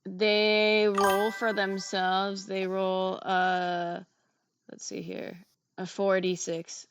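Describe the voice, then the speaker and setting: Slow, hesitant woman player; smooth voice with some fry, dry close sound. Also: medium pitch, completely flat delivery, no room sound. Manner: hesitant, many fillers. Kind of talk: playing a tabletop game.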